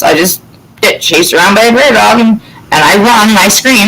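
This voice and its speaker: Bright, animated woman telling stories. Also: fairly high pitch, normal speed, low-quality recording. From Florida. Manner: animated storytelling, swears freely. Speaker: host. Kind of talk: casual chat.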